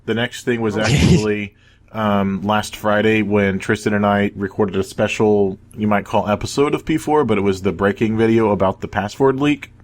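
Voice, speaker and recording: A man's voice: lowish voice, normal speed, hardly any pauses. A man co-hosting a podcast, steadily walking through news from his notes. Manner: steady, informative, running the agenda. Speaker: podcast co-host. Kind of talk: casual podcast chat.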